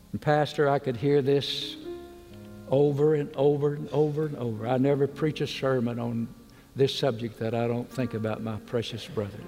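An earnest middle-aged preacher pleads with his congregation in a large sanctuary, his voice ringing with a long reverb. Faint music sits under him, and he sinks soft and slow on the words that matter most. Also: medium pitch. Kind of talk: sermon with altar call. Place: large church with balcony.

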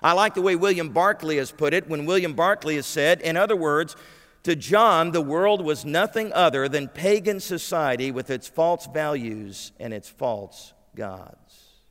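A man's voice: fairly high pitch, lively intonation, unhurried, a bit bright, in a large hall. A man preaching a sermon, emphatic and putting questions to his congregation. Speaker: pastor. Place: church sanctuary.

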